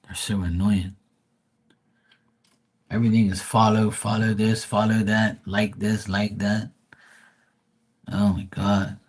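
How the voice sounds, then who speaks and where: A man's voice: on the low side, level tone, slow, pauses often, a little mellow, slightly rough. A man hosting a live stream, telling rambling stories and ranting bluntly with a lot of swearing. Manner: profane, blunt, rambling storytelling. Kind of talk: casual ranting chat.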